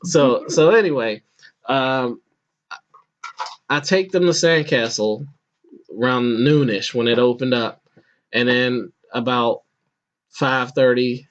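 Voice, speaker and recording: A man's voice: mid-range voice, a bit bright. Rambling man telling a funny story. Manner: rambling, laughing, restarts often, acts out voices. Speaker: podcast host. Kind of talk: casual storytelling. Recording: muffled lo-fi podcast audio.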